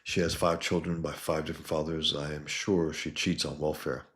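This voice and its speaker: A man voicing a grim masked male vigilante in clipped, deadpan sentences. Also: extremely low pitch, moderate pace. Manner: terse clipped deadpan reading.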